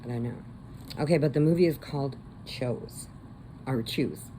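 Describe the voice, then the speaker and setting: A woman's voice: extremely low pitch, moderate pace, warm tone, a little hiss or hum, low-quality recording. A woman crochet vlogger chatting casually and rambling as she retells a movie plot. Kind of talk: casual chat.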